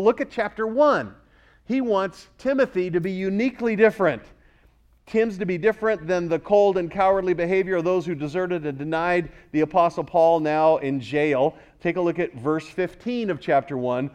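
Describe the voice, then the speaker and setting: A man, a pastor, preaching a sermon, rising louder on key words and questioning the congregation. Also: high-pitched, normal speed.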